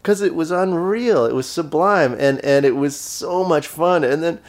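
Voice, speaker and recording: Excited man telling a story. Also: fairly high pitch, moderate pace. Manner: animated, breathless, many restarts and fillers. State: emotional, close to tears. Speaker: guest musician. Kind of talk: excited storytelling in a podcast chat.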